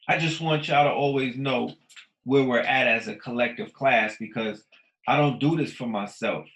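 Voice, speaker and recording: A man in his thirties holds forth in a casual podcast monologue, his voice sitting at an ordinary pitch. He preaches with animated swings between loud, emphatic bursts and low mutters, swearing freely. The room around him gives a noticeable echo. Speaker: podcast host.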